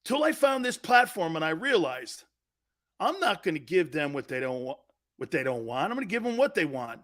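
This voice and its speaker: A man's voice: a little high, very animated, normal speed, a bit bright. A man hosting a sports talk show in a blunt, profane, mocking monologue, laughing often.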